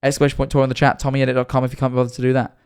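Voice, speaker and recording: A man's voice: mid-range voice, completely flat delivery, racing, a little mellow, smooth. A young man, chatting and joking with viewers during a live-stream reaction.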